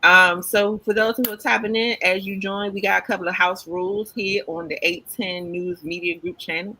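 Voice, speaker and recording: A man's voice: high voice, little pitch movement, normal speed, bright, forceful tone, slight background noise, rough recording. A man from Washington, D.C., with a local accent, co-hosting a casual livestream talk show and greeting viewers in the chat with slang.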